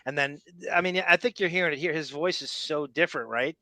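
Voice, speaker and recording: A man's voice: a little high, brisk, bright, forceful tone, no room sound. A man hosting a podcast, giving rambling, opinionated commentary in casual, profane talk. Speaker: podcast host. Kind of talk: casual commentary over played audio.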